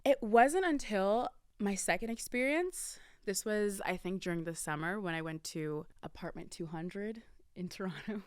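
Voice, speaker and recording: A woman in her early twenties, hosting a podcast and telling a casual story to her listeners. She talks in a chatty way, addresses them as y'all, and swings her pitch and volume for drama. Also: expressive, normal speed, clear, resonant tone, dry recording, clean studio sound. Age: early 20s. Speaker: podcast host.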